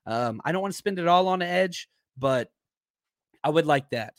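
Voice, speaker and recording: Hoarse, chatty male podcast host. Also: fairly high pitch, animated, normal speed, fairly bright tone, no room sound, clean studio sound. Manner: rambling, chatty, searches aloud for names. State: hoarse, worn-out voice. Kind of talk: casual live-stream chat.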